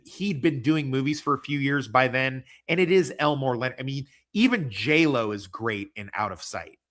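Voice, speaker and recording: A man's voice: medium pitch, expressive, normal speed, a bit bright. A man hosting a casual livestream chat, rambling and joking with lots of swearing. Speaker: podcast host.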